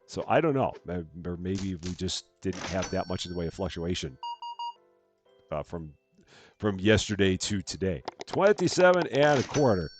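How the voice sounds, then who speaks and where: Lively low-voiced man streaming a game. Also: normal speed, soft background music. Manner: chatty, talks through his moves and thanks viewers. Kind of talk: live gameplay commentary.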